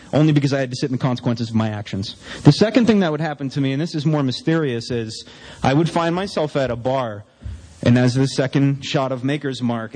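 A man's voice: mid-range voice, a little mellow, rough recording. A man giving a personal testimony at a recovery meeting, candid and self-mocking, acting out his own inner voices as he tells it. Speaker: speaker sharing his recovery story.

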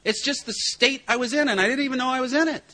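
A man's voice: very high-pitched, quick pace, pushed and bright. A middle-aged man telling a recovery group about his own drinking, sponsor-style, with a wry, self-mocking humor and punchlines. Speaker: recovery meeting speaker and sponsor. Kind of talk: personal recovery talk to a group.

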